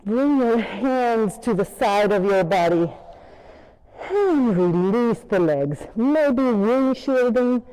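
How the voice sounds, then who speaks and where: A woman yoga instructor with a non-native English accent, gently cueing poses and breathing as she leads a class on a mic in a yoga studio. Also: on the high side, expressive, slow pace, clean tone. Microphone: wearing a mic. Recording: long echo of a studio hall.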